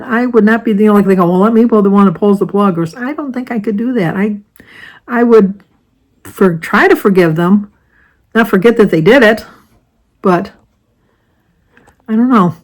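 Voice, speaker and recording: A woman's voice: mid-range voice, a little mellow, low-quality recording. Older woman from the US, casual vlog chat, rambling and self-correcting. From United States. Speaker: vlogger.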